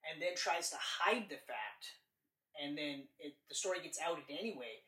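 A man co-hosting a casual movie podcast, rambling and animated, swearing freely as he talks. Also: a little high, normal speed. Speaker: podcast co-host. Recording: roomy, distant from the mic.

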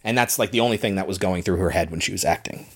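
A man's voice: sits low, fast, husky. A man co-hosting a podcast, talking casually and enthusiastically about a film, swearing freely and acting out quotes. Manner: enthusiastic, profane, acts out quotes. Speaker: podcast co-host.

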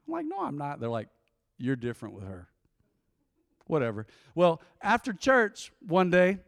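Male pastor, forties, high lively voice, storytelling sermon, dry close sound. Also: no room sound. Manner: lively storytelling, acting out dialogue.

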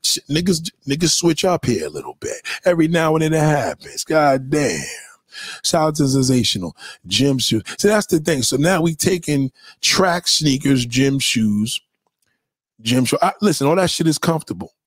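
A man hosting a livestream, reading chat and ranting in a blunt, mocking, animated way. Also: fairly high pitch, normal speed, breathy edge, no echo, clean studio sound. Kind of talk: casual profane rant.

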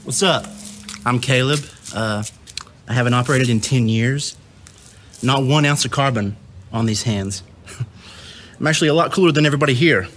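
A man's voice: medium pitch, moderate pace, long pauses, a bit bright, lightly acted. A man playing a smug, boastful man bragging to a support group.

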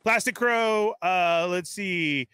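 A man hosting a casual live stream, energetically reading out viewer shout-outs one after another. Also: sits high, slow pace, smooth, no echo. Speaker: livestream host.

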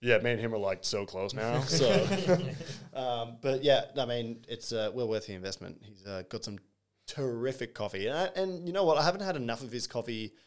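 A man's voice: mid-range voice, lively intonation, normal speed. A man hosting a casual podcast interview, upbeat and playful. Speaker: podcast host.

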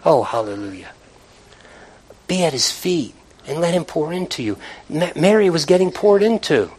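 A man's voice: fairly high pitch, very animated, normal speed, a little mellow, slightly rough, poor audio. A man preaching a sermon from the pulpit in a conversational way, calling out to the congregation. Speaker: pastor. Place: church, from the pulpit.

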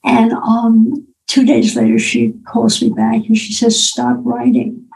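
A woman's voice: fairly high pitch, little pitch movement, unhurried, gravelly, darkish tone, poor audio. An older woman, an author, telling a personal story and acting out the dialogue in it. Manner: personal, anecdotal, acts out quoted dialogue. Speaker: author and speaker. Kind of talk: storytelling talk.

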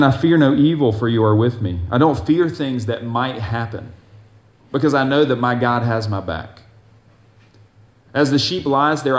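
Male preacher, mid-pitched, earnest sermon delivery, swings between bold scripture reading and quiet asides, roomy echo.

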